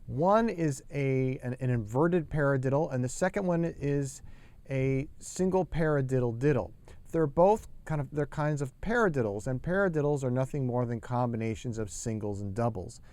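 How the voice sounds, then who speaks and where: A man's voice: mid-range voice, normal speed, darkish tone. A man teaching a drum lesson, explaining step by step and calling out hand patterns aloud. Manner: patient, step-by-step, counts sticking patterns aloud. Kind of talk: instructional lesson.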